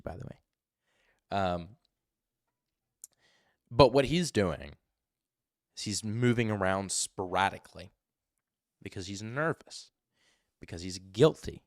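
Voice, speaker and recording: A man hosting a live commentary stream, talking in an animated way and mimicking voices to make his points. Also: sits low, dry recording, studio quality. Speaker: livestream host.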